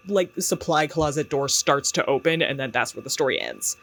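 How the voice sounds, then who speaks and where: A man's voice: fairly high pitch, big pitch swings, fairly quick, few pauses, a bit bright. A man giving casual commentary as a YouTube book reviewer, chatty and sarcastic, with lots of fillers and laughs.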